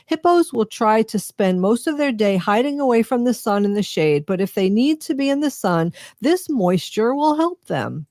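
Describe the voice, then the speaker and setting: A woman's voice: fairly high pitch, sing-song, normal speed, hardly any pauses, a little mellow, no echo, studio quality. A woman from Long Island with a Long Island New York accent, co-hosting a radio show and reading out fun facts with chatty asides. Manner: reads facts aloud with chatty asides and laughs. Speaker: radio co-host.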